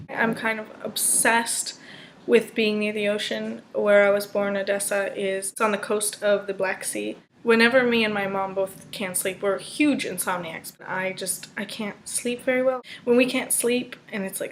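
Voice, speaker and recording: A young woman with a mid-range voice rambles casually at home, self-deprecating and meandering, the way a vlogger talks to her camera. She's indoors during a rainstorm, with faint rain and ambient noise behind her. The audio quality is poor.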